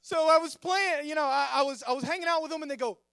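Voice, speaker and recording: A young man, his voice sitting unusually high. He stumbles and repeats words as he jokes with the congregation. The stage microphone sounds dry and close. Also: fast, fairly bright tone, dry recording. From Texas. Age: 20s. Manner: stammering, repeats words, friendly and joking. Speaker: youth pastor. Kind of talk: sermon with casual storytelling. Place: church.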